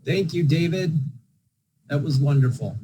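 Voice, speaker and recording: Mellow-voiced man hosting a reading. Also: fairly high pitch, expressive, a little slow, a little hiss or hum, rough recording. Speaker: event host introducing readers. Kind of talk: scripted introductions.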